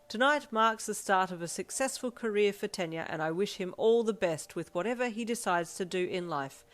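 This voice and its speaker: Woman playing a wealthy father, proud, booming toast, storybook reading. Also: normal speed, close to an everyday voice.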